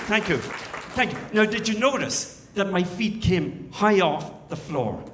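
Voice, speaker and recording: A man performing a stand-up set in a deadpan way, counting out dance steps as he goes. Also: sits high, a little slow, few pauses. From Ireland. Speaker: stand-up comedian. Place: comedy club stage. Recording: echoey room with crowd and noise.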